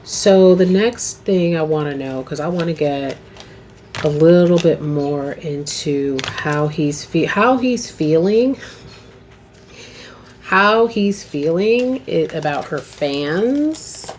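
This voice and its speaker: A woman's voice: low-pitched, animated, slow, a little mellow. A woman doing a casual, rambling tarot reading to camera, often asking okay. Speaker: tarot reader. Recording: noisy home video recording.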